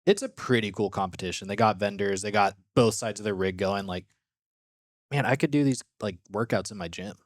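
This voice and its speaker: A man's voice: lowish voice, brisk, no room sound, studio quality. A man co-hosting a podcast in a casual, laid-back way, often agreeing and letting sentences trail off. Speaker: podcast co-host. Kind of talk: casual chat. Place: gym.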